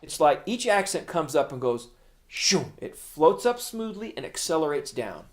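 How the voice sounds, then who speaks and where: A man's voice: fairly high pitch, sing-song, normal speed, noisy background. Upbeat middle-aged man teaching drums. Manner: plain, patient explaining with counting demos. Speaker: drum teacher. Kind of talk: instructional video lesson.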